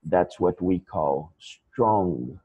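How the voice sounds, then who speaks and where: A man teaching English grammar in a lesson, slowly and patiently explaining with example sentences. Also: deep voice, animated, slightly rough, highs cut off. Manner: slow, patient, repeats points with example sentences.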